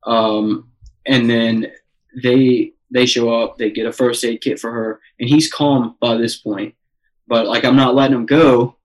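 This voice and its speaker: A man's voice: mid-range voice, unhurried, poor audio. A young man telling a wild story in casual chat, swearing often and filling with "like" and "um". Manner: excited, swears a lot, many fillers.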